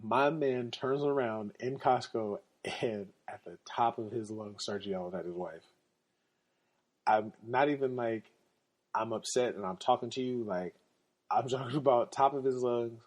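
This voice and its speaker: A man hosting a podcast, telling casual stories in an animated, slangy way and laughing often. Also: medium pitch, unhurried. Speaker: podcast host. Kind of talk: casual storytelling.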